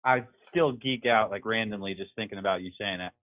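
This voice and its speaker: A man's voice: fairly low pitch, fairly quick. A man calling in to a talk show, chatty and filling his talk with "like". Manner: chatty, uses "like" a lot. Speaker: caller. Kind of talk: casual phone call. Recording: phone line.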